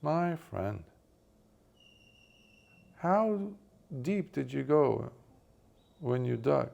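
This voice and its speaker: A man voicing a rich, generous man who speaks calmly and patiently, reassuring and explaining. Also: medium pitch, very slow, vocal fry, pitched above the performer's own voice, full character voice.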